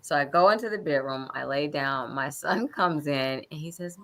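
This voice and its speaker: A woman's voice: sits low, moderate pace, fairly bright tone. A middle-aged woman casually telling an anecdote, animatedly acting out her own quoted thoughts. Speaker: guest storyteller.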